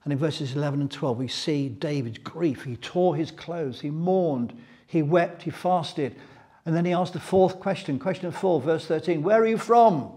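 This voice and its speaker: A man's voice: fairly high pitch, normal speed, mellow, slightly rough. A man teaching a church Bible study, retelling the passage as a story and reading scripture aloud.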